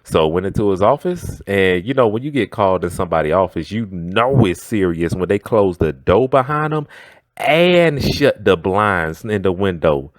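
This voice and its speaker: A man's voice: low voice, lively intonation, moderate pace, no echo, clean studio sound. Slangy, chatty man telling a story. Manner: slangy and chatty, often asking "know what I'm saying". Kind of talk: casual storytime.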